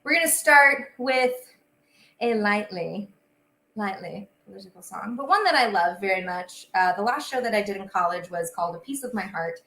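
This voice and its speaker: A woman's voice: mid-range voice, lively intonation, moderate pace, pushed and bright, a little hiss or hum. A young woman hosting a casual livestream while she bakes, chatty and bubbly with frequent fillers. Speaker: host and singer. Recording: echoey room with faint ambience.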